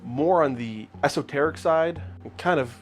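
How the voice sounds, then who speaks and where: A man's voice: on the high side, normal speed, faint music behind. A man hosting a casual chat show who talks in an easygoing way, often giving short agreeing replies. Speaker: host. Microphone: lapel mic.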